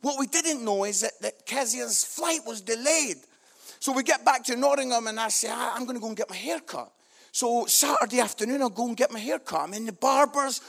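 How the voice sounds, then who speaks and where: Animated high-voiced preacher. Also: male voice, moderate pace, creaky. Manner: animated storyteller, shifts from hushed to shouting. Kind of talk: humorous sermon story.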